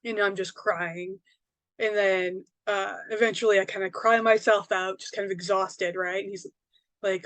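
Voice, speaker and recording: A woman's voice: medium pitch, steady tone, normal speed, a bit bright, no room sound. A woman, a psychic medium and author, telling a personal story in a casual, rambling way, full of fillers and tag questions.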